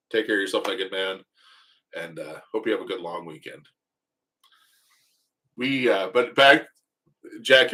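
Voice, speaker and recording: Guy host, bright forceful voice, loose rambling profane yarn-spinning on a livestream. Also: fairly low pitch. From United States. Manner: rambling, profane, joking storyteller. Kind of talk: casual storytelling livestream.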